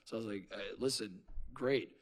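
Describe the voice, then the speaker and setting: A man co-hosting a podcast, telling a story in casual chat, self-mocking and animated, quoting people in quieter asides. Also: lowish voice, fairly quick. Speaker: podcast co-host.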